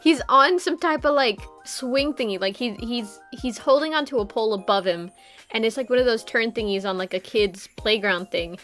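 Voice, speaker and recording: Young woman streamer, slightly high voice, giggly and rambling, casual chat. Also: normal speed, a bit bright, faint music behind. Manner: giggly, rambling, many fillers.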